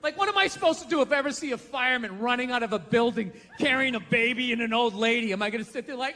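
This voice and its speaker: A male stand-up comedian, profane and ranting, shouting his punchlines during a live routine. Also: very high-pitched, fast, hardly any pauses. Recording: live theater with long reverb and faint ambience.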